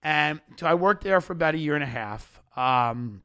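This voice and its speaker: A man hosting a comedy podcast, telling stories in animated rants with frequent restarts. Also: a little high, fairly quick, clean tone.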